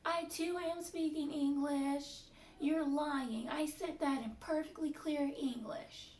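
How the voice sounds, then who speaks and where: A woman putting on the voice of a shrill, accusing female doctor boss who scolds her assistant. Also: fairly even intonation, takes it slowly, a little mellow. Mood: scolding. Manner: high, insistent, accusing. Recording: roomy, distant, faint hiss.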